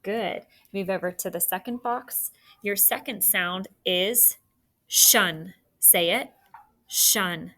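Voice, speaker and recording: A woman teacher guides students through a dictation drill with clear, upbeat directions. Her voice is bright, at a middle pitch. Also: slow. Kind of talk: classroom dictation exercise.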